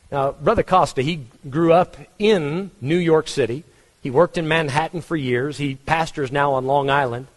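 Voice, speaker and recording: A man's voice: a little high, in a large hall. A man with a Texan accent preaching a conversational sermon, asking his congregation questions. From Texas. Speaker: pastor.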